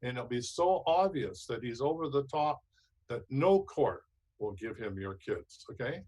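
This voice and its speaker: A man's voice: medium pitch, lively intonation, a little slow, a little mellow, rough recording. A man hosting a talk show, giving emphatic, preachy advice and repeating his points. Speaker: show host.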